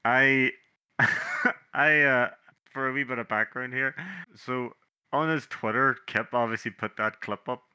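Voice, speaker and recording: A man's voice: mid-range voice, fairly even intonation, unhurried, pushed and bright, clean tone. A Scottish man co-hosting a podcast in casual chat, talkative and fond of mimicking people. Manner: chatty, mimics people in quotes. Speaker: podcast co-host.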